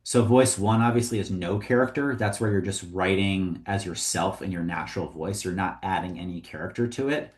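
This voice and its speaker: A man teaching comedy writing in a casual, conversational way, often pausing with "um" and "like". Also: low voice. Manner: conversational, with frequent ums and likes. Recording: roomy echo.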